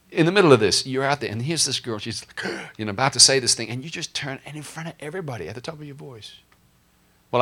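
A man's voice: medium pitch, fairly bright tone. A male pastor preaching a sermon in a conversational, humorous way, often asking the congregation questions.

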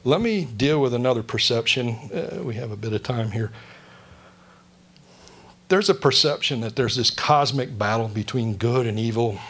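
A man's voice: mid-range voice, normal speed, fairly bright tone, breathy edge. A male pastor giving a conversational sermon, joking and asking the congregation questions.

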